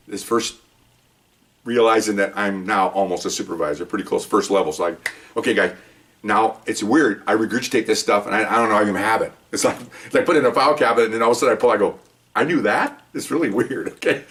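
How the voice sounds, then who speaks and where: Fast-talking older man telling cop stories. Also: fairly low pitch, fairly bright tone, far from the mic. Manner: rambling, many restarts, says "okay?" often. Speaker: retired police officer telling stories. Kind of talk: casual storytelling monologue.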